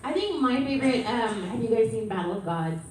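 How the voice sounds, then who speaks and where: A chatty woman on a voice-actor panel with a slightly raised pitch, bubbling through a story. She is well off the mic in a very echoey hall, with loud background noise. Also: expressive, brisk, far from the mic. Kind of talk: convention panel Q&A.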